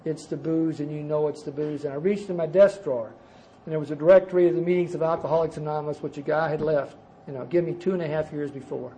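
Man, middle-aged, high voice, self-mocking recovery storyteller. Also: warm tone, muffled recording. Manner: folksy, self-mocking, addresses listeners as guys. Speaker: recovery speaker sharing his story. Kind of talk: storytelling talk to a recovery meeting.

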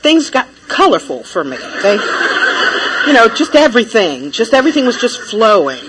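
A woman speaker telling her own recovery story in a lively, laughing way, with many fillers. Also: fairly high pitch, moderate pace. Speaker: traveling speaker. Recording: noisy recording.

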